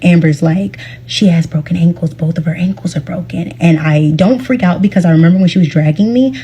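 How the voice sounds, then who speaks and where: A woman's voice: fairly low pitch, brisk, dark tone, breathy edge. A woman casually telling her own accident story in a chatty way, full of fillers and quoted speech. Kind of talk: casual first-person storytelling.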